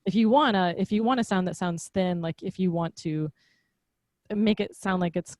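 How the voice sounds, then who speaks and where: A woman's voice: on the low side, normal speed, darkish tone, no room sound. A woman hosting an online class, chatty and curious, asking questions while speaking close into a directional mic. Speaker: festival host and podcast host. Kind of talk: casual class discussion. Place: home room. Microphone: directional microphone close up, video call.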